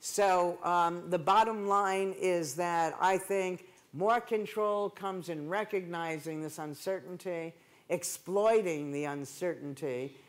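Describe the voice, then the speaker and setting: Woman, keynote speaker, conversational lecture, animated, rhetorical asides, conference hall. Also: lowish voice, takes it slowly.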